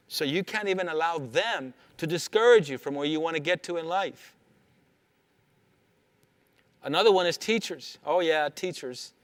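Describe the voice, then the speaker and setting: A man's voice: fairly high pitch, fairly bright tone, no echo. A man giving a motivational talk to teenagers, emphatic and repetitive, telling stories from his work with students.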